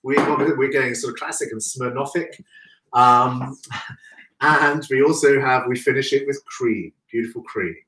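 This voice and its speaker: A man's voice: medium pitch, unhurried, sharp tone, roomy sound, distant mic, low-quality recording. A man hosting a live chat while making a cocktail, chatty and effusive. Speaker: host.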